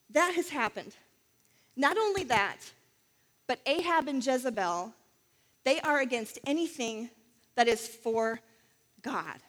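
A woman's voice: sits high, big-room sound. A woman telling a Bible story in a chatty sermon, with many fillers and asides. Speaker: Bible teacher.

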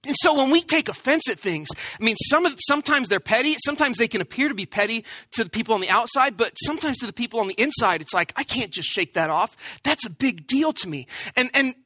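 Male pastor, high bright voice, self-deprecating humorous storyteller, dry close sound. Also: no echo. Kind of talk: storytelling sermon.

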